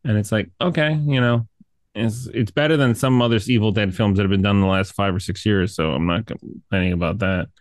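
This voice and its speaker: Low-voiced rambling man, dry sound. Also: fairly even intonation, fairly quick, dry recording. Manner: rambling, many fillers, profane. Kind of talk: casual movie review chat.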